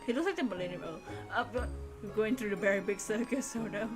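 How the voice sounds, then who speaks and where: A woman's voice: medium pitch, quick pace. A woman streamer chatting casually over a game, giggling often and easily. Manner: giggly, chatty, frequent laughter. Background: game music.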